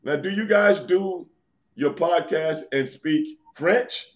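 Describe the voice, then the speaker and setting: A man's voice: fairly high pitch, slow. A man from New York City, a guest on a casual podcast interview, talking in a laid-back, teasing way and quizzing the hosts. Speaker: guest, former pro wrestler.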